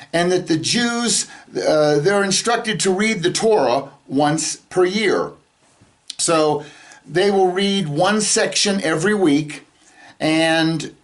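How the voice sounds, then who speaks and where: A man teaching a casual scripture lesson who talks conversationally, pauses often on "uh" and keeps checking in with listeners. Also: on the high side. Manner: conversational, checks in with "all right?" and "okay?"; stops often with "uh" and restarts. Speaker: Bible teacher.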